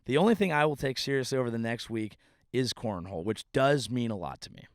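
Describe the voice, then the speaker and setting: A man's voice: mid-range voice, expressive, quick pace, no echo, clean studio sound. A man hosting his own show as a comedian, telling rambling, profane, self-deprecating stories in a casual monologue outdoors. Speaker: comedian and podcast host. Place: outdoors by a ditch at a family home.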